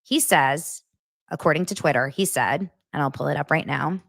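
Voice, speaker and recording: A woman's voice: low-pitched, moderate pace, creaky, a bit bright, no echo, clean studio sound. A woman hosting a casual commentary vlog, talking frankly and chattily with frequent asides. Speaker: host.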